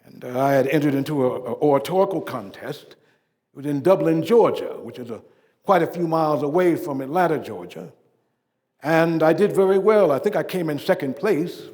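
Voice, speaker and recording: A male actor portraying a dignified civil rights preacher, higher-pitched man, stately storytelling, sudden loud swells and soft drops, live stage monologue, long hall reverb. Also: expressive, close to an everyday voice. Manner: measured oratory with emphatic swells and hushed drops. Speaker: living-history performer. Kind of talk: first-person living-history monologue. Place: stage performance.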